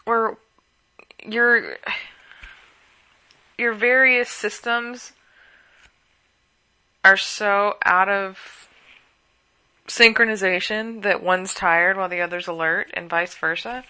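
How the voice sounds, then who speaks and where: A woman hosts her podcast from home late at night, sleepy and run down. She chats loosely and drifts between asides, in a voice of ordinary pitch with a bright, sharp timbre. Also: steady tone, slow, pauses often. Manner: chatty and rambling, with casual asides. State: sleepy and worn out. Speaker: podcast host.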